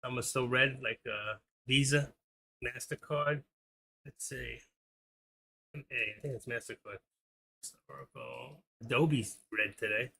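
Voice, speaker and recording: A man's voice: medium pitch, measured pace, vocal fry, pauses often, pushed and bright, slightly rough. A middle-aged man hosting a stock trading livestream, chatting casually and talking to viewers by name. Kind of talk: casual live-stream chat while trading.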